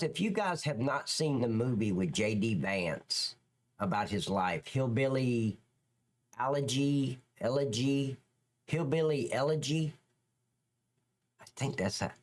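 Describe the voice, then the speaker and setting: In a loose, crude live-stream chat, the host reads out and replies to viewer comments as he rambles along. His voice is mid-range, measured in pace, and marked by big pitch swings.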